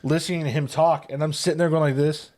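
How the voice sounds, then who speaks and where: A man's voice: a little high, steady tone, fast talker, darkish tone, a little hiss or hum. A man hosting a podcast, telling a self-mocking story in casual chat. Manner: self-mocking anecdote teller.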